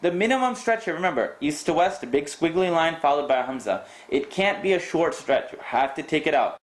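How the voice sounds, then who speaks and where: A man teaching Quran recitation rules, reciting verses and repeating sounds slowly to correct students. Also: fairly high pitch, lively intonation, echoey room. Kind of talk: tajweed lesson with recited demonstrations.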